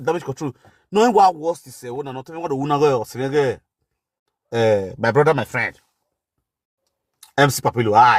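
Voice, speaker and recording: A man from Benin City with a Nigerian Pidgin accent, telling street stories in a lively, animated way. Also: a little high, dry recording, clean studio sound. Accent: Nigerian Pidgin, Edo (Benin City). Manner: animated storyteller, shouting catchphrases, laughing. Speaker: talk show guest. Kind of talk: casual street talk.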